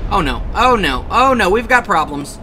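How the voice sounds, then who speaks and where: A man giving excited gameplay commentary, shouting and reacting fast as he plays. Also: high voice, soft background music. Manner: hyped, shouting at the game, quick reactions. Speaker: gaming YouTuber.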